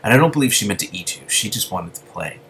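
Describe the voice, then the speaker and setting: A man's voice: on the low side, expressive, fast, a little hiss or hum. A man doing a blunt, suspicious girl. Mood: indignant. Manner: sharp and demanding.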